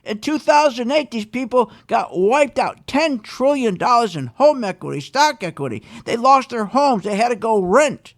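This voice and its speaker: A man's voice: very high-pitched, big pitch swings, normal speed, few pauses. A man hosting a live radio show about investing, ranting with emphatic repetition and a sarcastic, mocking edge.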